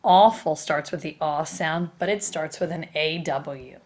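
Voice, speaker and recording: Woman, teacher, patient step-by-step explaining, somewhat low voice. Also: measured pace, a little mellow. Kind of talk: recorded spelling lesson.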